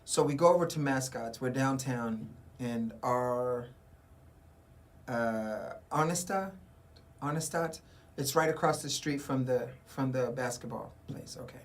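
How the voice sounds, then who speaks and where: A man's voice: medium pitch, measured pace. A man hosting a casual radio talk show, telling a story and acting out the dialogue. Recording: community radio studio.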